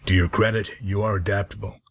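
A man voicing a gruff, grizzled wasteland guide in a video game, with a husky, dry and weary delivery. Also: fairly low pitch, level tone, fast. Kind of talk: game character dialogue.

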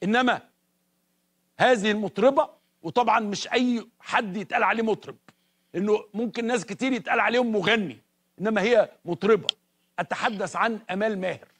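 A man's voice: sits high, very fast, a bit bright. A man with an Egyptian accent giving an emphatic, building TV introduction as a presenter. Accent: Egyptian Arabic. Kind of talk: TV introduction speech.

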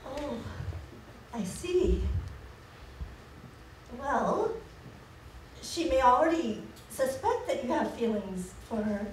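A woman playing a flustered, eager woman being courted, full of breathy exclamations, recorded in an echoey hall from far away. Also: sits high, sing-song, slow, pauses often, darkish tone, a little hiss or hum, exaggerated voice. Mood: fluttery. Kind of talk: community stage musical acting.

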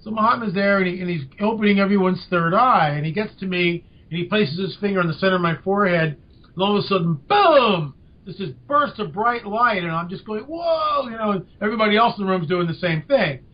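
An older man, a podcast guest, telling a story with lively emphasis. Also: sits high, quick pace. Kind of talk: storytelling in an interview. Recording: dull lo-fi audio.

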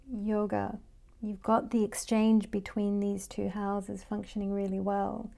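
This is a woman teaching Vedic astrology in a loose, conversational lesson. Her voice is dark and mellow, with a gravelly edge of vocal fry. She thinks aloud as she works through her notes. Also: medium pitch. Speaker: Vedic astrology life coach.

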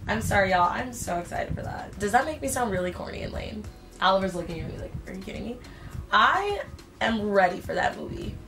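A young woman chatting casually and playfully in slang while doing her makeup at home for her vlog. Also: medium pitch. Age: young adult. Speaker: beauty vlogger. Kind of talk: casual get-ready-with-me chat.

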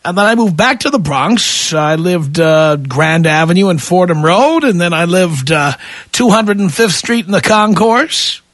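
A man from New York hosting a call-in radio show, talking in a brisk, amused, dismissive way into a studio mic. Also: high-pitched, animated, a bit bright, no echo. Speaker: radio talk show host.

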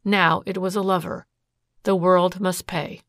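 A woman giving a steady scripted narration of a classic detective story. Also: lowish voice, a little slow, dry recording, clean studio sound. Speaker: audiobook narrator.

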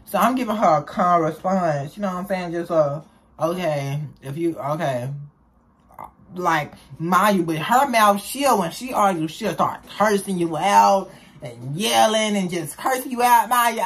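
Young woman, husky, chatty storytelling vlog. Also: mid-range voice, moderate pace. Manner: chatty, animated storytelling with slang.

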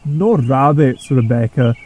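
A man voicing a grumpy, blunt male steam engine with a Scottish accent, gruff and grumbling. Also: medium pitch, lively intonation, moderate pace, mellow, close to an everyday voice. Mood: grudging.

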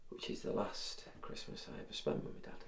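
An actor playing a wry father who talks in a hushed way late at night, in a film drama. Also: a little fast, roomy sound, a little hiss or hum, natural voice.

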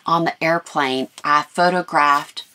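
A middle-aged woman artist chatting casually in a vlog, rambling and thinking out loud, her voice scratchy and tired, partly recorded outdoors at a lakeside campground. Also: low voice, fairly even intonation, slow, dry recording. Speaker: artist vlogger.

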